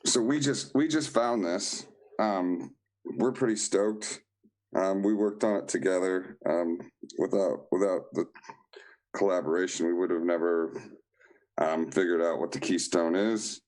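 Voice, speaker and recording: A man, a guest on a live online show, talking in a halting way with many fillers and restarts. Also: low voice, darkish tone, low-quality recording. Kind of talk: casual live-stream chat.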